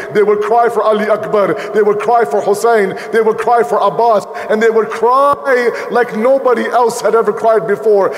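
A man giving an emotional sermon that builds into impassioned, shouted storytelling. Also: sits high. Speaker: preacher. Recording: echoey hall.

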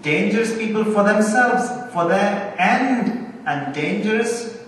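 A man delivering a sermon, stressing key words slowly and with emphasis. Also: high-pitched, lively intonation, fairly bright tone. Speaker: preacher. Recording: echoey hall, speaker far from mic.

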